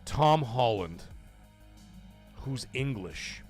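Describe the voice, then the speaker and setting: A man's voice: mid-range voice, expressive, very slow, faint music behind. A man in his thirties hosting a live gaming podcast, ranting in a heated, profane, opinionated way. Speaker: podcast host.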